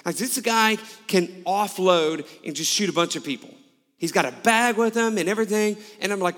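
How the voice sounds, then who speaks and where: A man's voice: high voice, moderate pace, a bit bright. A male pastor preaching a sermon, telling a personal story with candid, self-mocking humor. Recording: long hall reverb.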